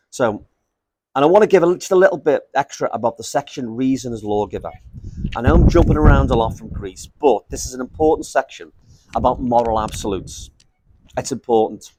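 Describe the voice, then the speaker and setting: A man's voice: medium pitch, darkish tone, slight background noise, low-quality recording. A man giving an informal lecture, rambling and self-interrupting, with jokey asides.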